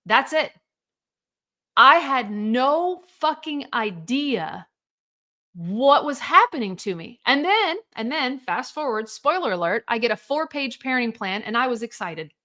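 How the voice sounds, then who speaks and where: Fired-up lady coach, swears a lot, bright voice, kinda high. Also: sing-song, normal speed, few pauses. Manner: blunt, profane, emphatic, rhetorical questions. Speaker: divorce coach. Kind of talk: motivational monologue.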